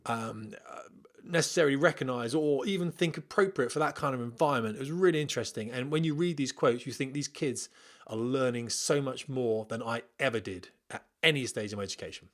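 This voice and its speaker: Casting: middle-aged male podcast host, ex-military pilot, chatty and digressive, mid-pitched voice. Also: a little fast, fairly bright tone. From Britain. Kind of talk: casual podcast monologue reading a listener email. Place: at home.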